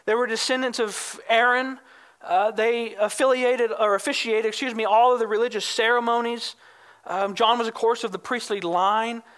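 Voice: mid-range voice, fairly even intonation, normal speed, a bit bright, clean tone. A pastor preaching a sermon, explaining scripture with emphasis and reading verses aloud.

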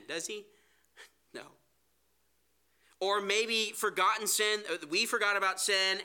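Male pastor, sermon, smooth clear voice, ringing tone, earnest delivery. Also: high voice, pushed and bright. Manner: earnest preaching, reads scripture aloud.

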